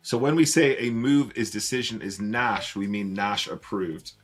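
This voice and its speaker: A lowish male voice at normal speed narrates online poker play on a live stream, faint music playing behind. He keeps it casual and chatty, welcoming viewers mid-game.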